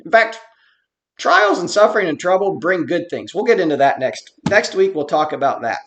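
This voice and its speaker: A man teaching a Bible study in an earnest, explanatory way, reading verses slowly and then commenting on them. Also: high voice, very animated, background noise. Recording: roomy echo.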